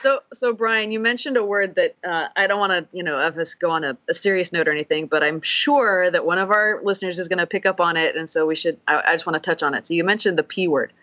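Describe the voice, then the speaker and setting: A speaker from California co-hosts a casual podcast chat in a bright, sharp voice. The tone is earnest, and the speaker leads the talk with thoughtful questions. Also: medium pitch, fast, hardly any pauses.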